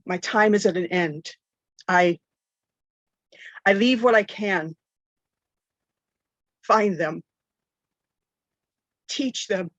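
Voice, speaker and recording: A woman voicing a dying mage. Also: mid-range voice. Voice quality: soft, faint far-off echoing voice. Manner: slow halting farewell. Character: dying woman master mage, gentle and fading.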